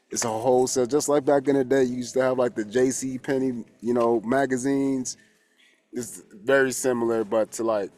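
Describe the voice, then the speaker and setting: A man's voice: mid-range voice, mellow. A man, a holistic coach and tarot reader, talking casually and candidly, rambling, swearing freely and restarting his sentences. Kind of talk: casual spoken reflection.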